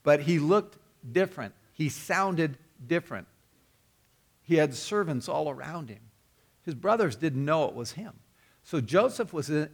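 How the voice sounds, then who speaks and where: A man's voice: fairly high pitch, creaky, slightly rough. A man preaching a sermon, telling the story earnestly and often repeating or restarting his words. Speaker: pastor.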